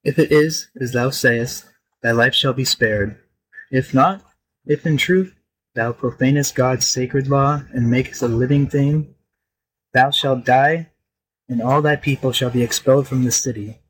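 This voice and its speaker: A man's voice: mid-range voice, fairly even intonation, measured pace, husky, low-quality recording. A man doing a commanding old-world king. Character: imperious male king, commanding.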